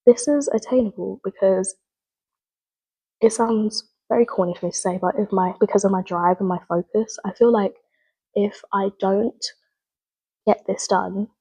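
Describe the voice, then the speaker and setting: A woman's voice: mid-range voice, fairly even intonation, moderate pace, dark tone, husky, rough recording. A young woman, a drama student, talking through her goals in an earnest, rambling video log and often correcting herself. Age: young adult. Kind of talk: spoken reflective video log.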